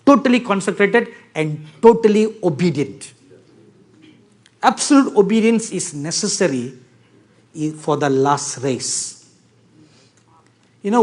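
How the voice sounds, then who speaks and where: A male preacher delivers a sermon at a deliberate, unhurried pace. His voice sits somewhat high for a man, and he drives his points home by repeating key words and turning to the listeners for agreement. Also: darkish tone. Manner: talks to the audience directly, asking for agreement.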